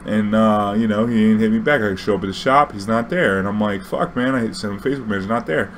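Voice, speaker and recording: A young man telling a story casually, profane and animated, acting out dialogue. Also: on the low side, fast, slight background noise.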